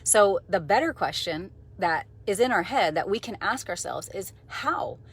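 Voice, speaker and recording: A woman's voice: mid-range voice, animated, moderate pace, husky. A woman in her forties talking casually to camera from a car, enthusiastic and conversational, with fillers and restarts. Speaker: vlogger, mindset coach. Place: parked car.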